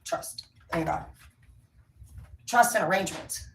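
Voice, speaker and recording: A woman's voice: fairly low pitch, slow, gravelly, fairly bright tone. A woman talks her way through a casual tarot reading in a blunt, rambling, emphatic manner. She sits back from the microphone in a roomy, echoing space, with a faint background hum underneath. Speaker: tarot reader. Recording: roomy, distant from the mic, faint ambience.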